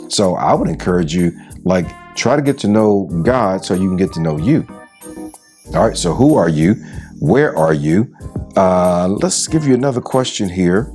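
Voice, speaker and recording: Man preaching self-acceptance over soft music. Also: lowish voice. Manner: preachy, repetitive questions, casual slang. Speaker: relationship coach. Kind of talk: motivational talk to camera. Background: faint background music.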